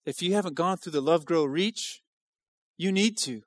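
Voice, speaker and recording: A man's voice: on the high side, moderate pace, no echo. A male pastor preaching an impassioned sermon at a church service, driving home repeated rhetorical questions.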